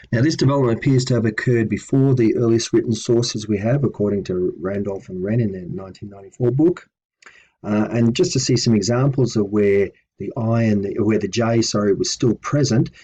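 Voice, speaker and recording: Male teacher, low husky voice, methodical lecture delivery with frequent ums. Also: a little mellow. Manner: patient, methodical, with frequent ums and self-corrections. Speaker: language teacher. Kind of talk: explanatory lecture.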